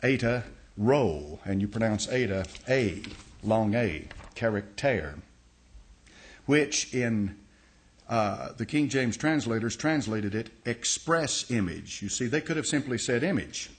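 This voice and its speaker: Folksy pastor teaching a sermon. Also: male voice, mid-range voice, lively intonation, measured pace. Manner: folksy, explains step by step, many restarts and uh.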